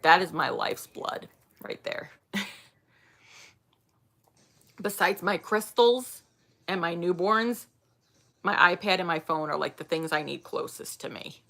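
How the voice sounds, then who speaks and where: Chatty vlogger in her thirties, bright edge to the voice, laughs a lot. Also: fairly low pitch, creaky. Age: 30s. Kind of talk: casual chat reading viewer comments.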